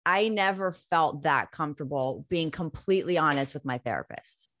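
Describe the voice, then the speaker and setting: A woman's voice: low voice, normal speed, fairly bright tone, no echo, studio quality. A woman in her forties, a therapist guest in a casual interview, frank and unfiltered. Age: 40s. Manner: frank, unfiltered, swears freely.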